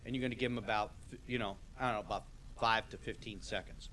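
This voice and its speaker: A man's voice: medium pitch, fairly quick, fairly bright tone. A man leads a sales training class in a classroom, talking loosely and stopping often to check that the room follows. His voice sits in a middle range. Faint ambient noise hangs in the background. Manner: casual, repeats "okay?" to check understanding. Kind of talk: classroom lecture.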